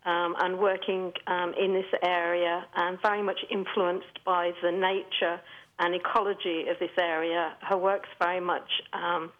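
A woman's voice: fairly low pitch, flat delivery, a little slow, phone-quality sound. A woman with a British accent, a gallery owner answering interview questions, hesitant with many ums. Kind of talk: casual interview chat.

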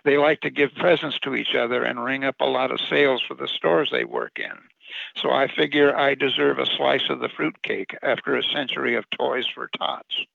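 A man's voice: medium pitch, lively intonation, moderate pace, creaky, no room sound, muffled recording. A man reading the part of a sad, tired old Santa Claus in his own story, complaining and downcast. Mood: weary, bitter.

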